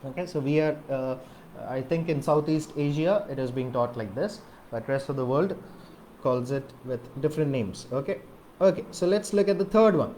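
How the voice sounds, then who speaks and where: A man's voice: on the high side, normal speed, dark tone, slight background noise. A man whose first language is Malayalam, teaching an English grammar lesson and filling his explanations with repeated okays and questions to the viewer.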